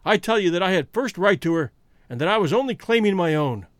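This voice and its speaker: A man's voice: high voice, lively intonation, brisk, dry recording, clean studio sound. A man doing a fierce desperate outlaw. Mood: grieving defiant. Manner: loud, fierce and pleading. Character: bitter desperate American male outlaw.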